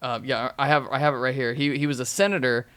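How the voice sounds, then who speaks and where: A man's voice: medium pitch, fairly even intonation, fast talker, fairly bright tone, clear, resonant tone. A man from the southern United States, chatting casually as a podcast host and rambling through his stories with many fillers. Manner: rambling, filler-heavy storytelling. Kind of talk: casual chat.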